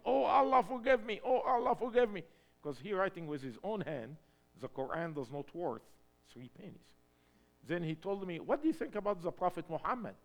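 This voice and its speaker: Man from Egypt, preacher, high animated voice, unhurried, shifts from hushed to shouting. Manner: emphatic, swings from hushed to shouting. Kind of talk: sermon testimony.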